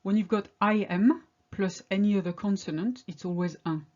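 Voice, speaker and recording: A woman teaching a pronunciation lesson, drilling example words one at a time with slow, careful delivery. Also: mid-range voice, mellow, lo-fi sound. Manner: slow, deliberate word-by-word drilling. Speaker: French teacher.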